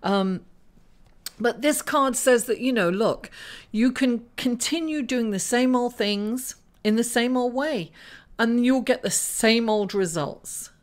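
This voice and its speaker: A woman's voice: on the high side, slow. Woman, tarot forecast to camera, chatty, rambling, lots of fillers. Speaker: astrologer giving tarot readings. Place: indoors in front of a green screen.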